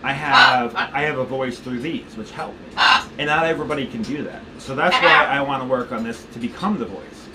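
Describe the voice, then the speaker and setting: A man's voice: medium pitch, a little fast, heavy background noise. A man in his thirties from the United States, rambling through a casual vlog update with frequent restarts, filming himself on a handheld camera while walking around his home. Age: 30s. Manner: rambling, restarts often, talks to his pet. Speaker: vlogger. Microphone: handheld camera on a gimbal.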